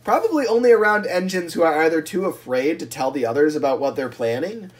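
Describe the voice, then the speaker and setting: A man co-hosting a casual podcast, animated and rambling, laughing often as he riffs on ideas. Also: fairly high pitch, brisk. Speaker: podcast co-host. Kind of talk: casual chat.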